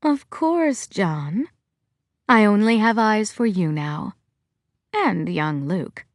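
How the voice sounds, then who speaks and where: A woman reading an audiobook, voicing a worried middle-aged mother with a firm, sharp-edged way of talking. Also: mid-range voice, animated, slow, no room sound, studio quality. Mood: wistful. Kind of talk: audiobook character voice.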